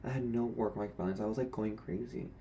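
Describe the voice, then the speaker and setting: A man's voice: fairly low pitch, fairly even intonation, brisk, creaky, warm tone. Young guy venting to camera, sassy and blunt, faint hum behind him. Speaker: former retail cosmetics worker. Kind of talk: candid rant to camera.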